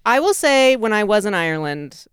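A woman comedian banters on a podcast panel in a smooth, clear voice. She talks in a quick, self-mocking way, recorded close and dry. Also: mid-range voice, sing-song, no room sound.

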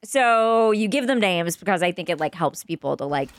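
A woman's voice: on the low side, expressive, moderate pace, no echo, studio quality. A woman guest on a podcast chatting casually, rambling with lots of fillers and frequent laughs. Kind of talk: casual chat.

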